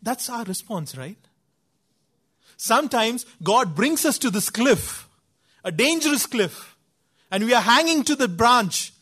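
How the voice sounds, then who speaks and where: A man preaches a sermon at a slow, deliberate pace. His voice sits fairly high, and he stresses words emphatically as he tells the story. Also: big pitch swings, bright, forceful tone, husky.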